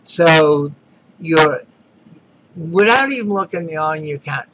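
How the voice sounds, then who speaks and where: A man's voice: a little high, expressive, normal speed, a bit bright. A man venting in an irritated, exasperated rant as a dissatisfied customer in a complaint video. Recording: dull lo-fi recording with faint noise.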